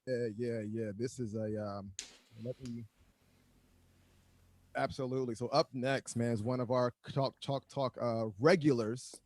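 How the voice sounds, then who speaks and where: A man's voice: medium pitch, steady tone, a little slow, darkish tone. A man hosting a comedy show, fumbling a little as he introduces the next act.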